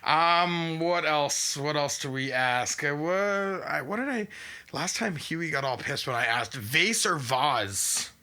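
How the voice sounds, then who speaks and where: A man hosting a casual podcast chat, talkative and swearing freely with lively swings in pitch. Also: measured pace, smooth. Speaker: podcast host.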